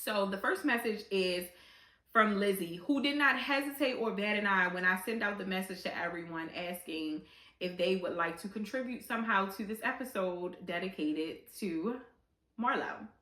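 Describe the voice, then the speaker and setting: A woman's voice: mid-range voice, normal speed, pushed and bright, roomy sound. A woman in her thirties hosting a podcast, talking candidly and bluntly in a casual monologue with some swearing. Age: 30s. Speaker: podcast host.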